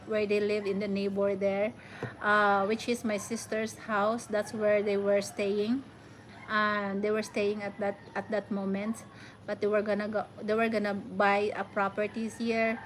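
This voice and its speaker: A woman's voice: medium pitch, slight background noise, low-quality recording. A woman with a Filipino accent chatting casually to viewers on her vlog, rambling and often searching for words. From Philippines. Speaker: vlogger. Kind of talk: casual live chat.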